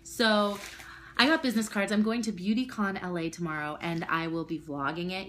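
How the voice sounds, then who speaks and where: A woman's voice: fairly low pitch, steady tone, normal speed, a bit bright. A young woman chats to her camera at home in a casual unboxing vlog. She is bubbly and gushing, full of exclamations as she shows things off. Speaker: vlogger.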